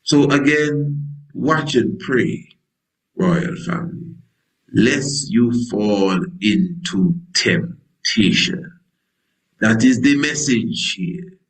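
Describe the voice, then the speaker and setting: A man's voice: mid-range voice, animated, extremely slow, low-quality recording. A male priest preaching a sermon in a folksy, digressive way, full of wordplay, who acts out scripture dialogue in different voices.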